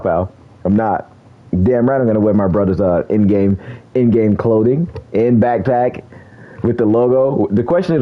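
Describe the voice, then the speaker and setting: A man with a lowish voice provides laid-back, chatty commentary over a video game as a gaming streamer, laughing often and using slang. The sound is lo-fi.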